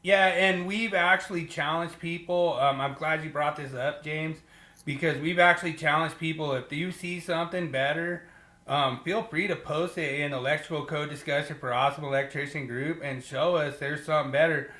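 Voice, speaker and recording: A man co-hosting a casual podcast, chatty and animated as he retells arguments with colleagues. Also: a little high, moderate pace, roomy sound. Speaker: podcast co-host.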